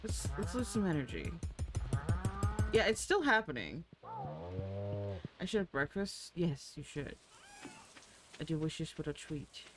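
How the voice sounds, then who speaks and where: A woman's voice: deep voice, sing-song, a little slow, pauses often, music in the background, low-quality recording. A woman streamer chatting casually while playing a farming game, swearing freely and cooing at her in-game animals. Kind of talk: casual gameplay chat.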